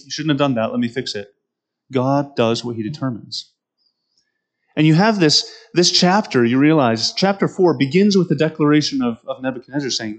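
A man preaching a sermon who reads scripture aloud and then explains it directly to his listeners, often repeating words as he goes. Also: mid-range voice. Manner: repeats words and restarts mid-phrase.

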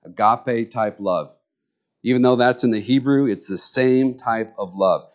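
A middle-aged man preaching a sermon in a folksy, conversational way, full of rambling asides, jumping up in pitch when he acts out what others say. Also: measured pace. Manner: jumps to high pitch when acting out others' words. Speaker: pastor.

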